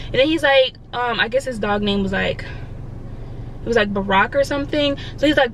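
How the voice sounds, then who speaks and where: Young woman vlogger, animated storyteller; bright, slightly high voice. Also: moderate pace, a little hiss or hum, poor audio. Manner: animated, slangy, acts out quotes. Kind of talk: storytime vlog.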